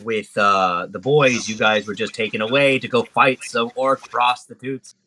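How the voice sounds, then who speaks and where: A man's voice: medium pitch, steady tone, a little slow, sharp tone. A man narrating as game master in a casual, chatty way, laughing along.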